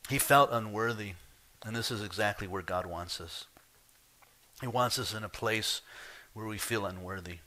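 A man preaching a sermon as pastor, emphatic, swinging from hushed asides to loud, pressing points while chatting to the congregation. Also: fairly low pitch, normal speed, pauses often.

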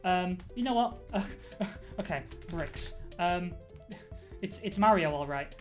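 A woman's voice: lowish voice, animated, slow, a little mellow, faint music behind. A young woman streaming a game live, rambling and giggling through her commentary with lots of fillers. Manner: rambling, giggly, self-mocking, many fillers. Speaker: Twitch streamer.

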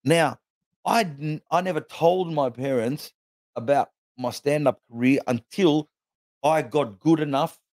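An Australian man in his forties, a comedian chatting as a podcast guest and telling stories in an animated way, often restarting with "you know". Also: fairly high pitch, a little slow, dry recording, studio quality. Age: 40s. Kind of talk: casual podcast chat.

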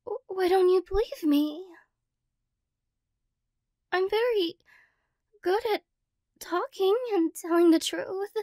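A woman in a whispered role-play as a tearful ex-girlfriend, talking softly and rambling, flustered and emotional. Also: very high voice, slow pace, pauses often, dry recording, studio quality. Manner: soft, rambling, self-conscious and emotional. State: teary after crying. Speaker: ASMR role-play performer.

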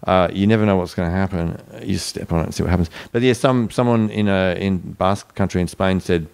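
Gravelly, low man, laid-back. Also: fast, darkish tone. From Australia. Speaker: band member, guest. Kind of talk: casual interview chat.

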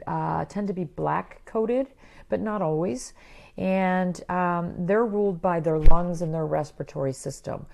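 A middle-aged woman veterinarian giving a chatty, animated talk about pets, full of quick asides. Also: low voice, gravelly. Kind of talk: casual educational talk.

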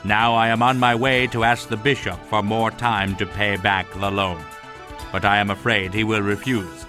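A man voicing a sad, resigned older knight in an audiobook, speaking slowly and mournfully. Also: on the low side, level tone, music in the background, close to an everyday voice. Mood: sorrowful. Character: weary, downcast older male knight. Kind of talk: audiobook character voice.

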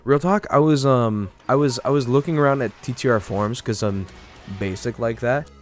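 A man's voice: mid-range voice, normal speed, soft background music. Goofy rambling young streamer guy. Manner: goofy, rambling jokes with lots of fillers. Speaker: game streamer. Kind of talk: casual live-stream commentary.

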